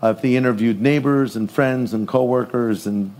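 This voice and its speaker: A middle-aged man preaching a sermon in an animated way, acting out voices as he tells stories and jokes. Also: medium pitch, normal speed. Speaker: pastor.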